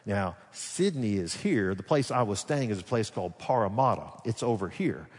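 A man with a Southern Alabama accent, a pastor preaching a sermon and telling a story in a casual way, swinging between loud and hushed. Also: on the low side, expressive, normal speed, husky. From Alabama, USA. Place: large church sanctuary. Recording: long reverb of a big hall.

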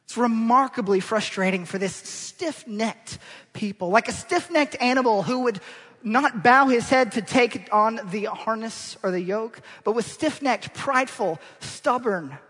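A male preacher giving an animated, rhetorical sermon that draws his congregation in, heard in a church hall. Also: very high voice, unhurried, slightly rough. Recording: long church-hall reverb.

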